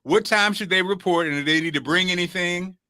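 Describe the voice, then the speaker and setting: A male host with a high, very bright and forceful voice, cheering on a caller with laughter and encouragement in loose show banter. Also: fairly quick, clear, resonant tone. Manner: warm hype, laughing, encouraging.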